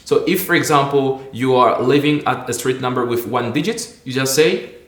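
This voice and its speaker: A man with as his hosts an English lesson in a voice of ordinary pitch. He restarts phrases and stretches words slowly to model them. The room gives his voice a clear echo. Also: fairly bright tone. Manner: repeats and restarts words, slows to model pronunciation. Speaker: English teacher. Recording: echoey room.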